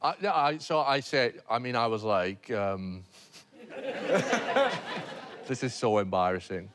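A man's voice: fairly low pitch, a little slow, a bit bright, a faint crowd. A Welsh man telling an embarrassing story on a comedy panel show, hesitant and self-deprecating, with many fillers and restarts. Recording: noisy TV studio recording.

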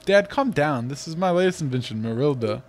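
A man's voice: on the high side, expressive, fairly quick, background noise. A man voicing an eager, earnest young woman inventor, reading game dialogue aloud in a slightly raised tone.

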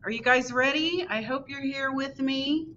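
A woman who is a children's librarian, reading a picture book aloud in an animated, sing-song way for a virtual storytime. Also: high-pitched, moderate pace. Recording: distant, dull recording with loud background hiss.

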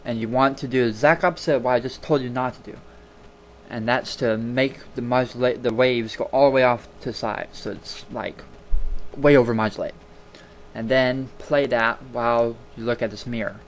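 Here a man with a mid-range voice and fairly even intonation hosts a relaxed screen-recording tutorial at a moderate pace. Talking into a desktop mic at his home computer, he's chatty and digressive, repeating words for emphasis, with slight background noise.

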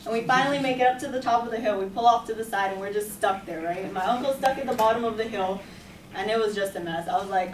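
A young woman telling a personal story to a class in a chatty, animated way, full of "like" and quick laughs. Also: mid-range voice, a little hiss or hum. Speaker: student storyteller. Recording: echoey room, voice from a distance.

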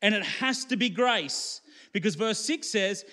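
A male preacher giving a sermon in a conversational, colloquial way, lifting his voice for emphasis and dropping low for quiet asides. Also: expressive, measured pace.

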